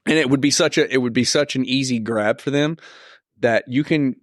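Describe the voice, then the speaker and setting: A man's voice: medium pitch, moderate pace, no echo, studio quality. A man with an Oklahoma accent, co-hosting a casual podcast chat in an easygoing way, laying out ideas and agreeing often. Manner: easygoing, frequent short agreements, laughs along. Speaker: podcast co-host.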